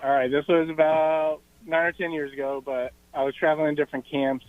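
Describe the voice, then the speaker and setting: A man calling into a radio show, telling a story in a plain, steady way. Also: a little high, a little fast, dry recording. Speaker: caller. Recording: tinny phone line.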